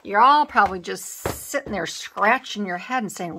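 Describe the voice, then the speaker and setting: A woman's voice: mid-range voice, lively intonation, moderate pace, pushed and bright, a little hiss or hum. A woman hosting a crafting video, chatting casually as she works and teasing herself for being scatterbrained. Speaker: craft channel host. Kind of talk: casual crafting vlog chat.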